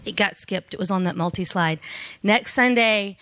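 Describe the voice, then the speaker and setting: A woman giving a quick, matter-of-fact church announcement. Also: medium pitch, noisy background. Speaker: church member making an announcement. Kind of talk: brief spoken announcement.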